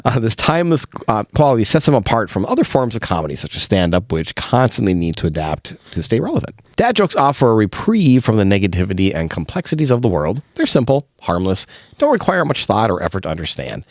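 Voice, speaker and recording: A man's voice: on the low side, wildly swooping pitch, fast, a little mellow, no room sound, studio quality. A middle-aged man from Minnesota co-hosting a podcast, reading facts aloud and chuckling often. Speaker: podcast co-host. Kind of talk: casual chat and reading notes.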